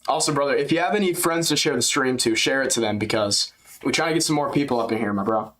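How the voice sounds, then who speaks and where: A man's voice: mid-range voice, fast talker, fairly bright tone, low-quality recording. An American man hosting a casual fight-companion livestream, talking in a loose, slangy, rambling way and laughing often. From United States.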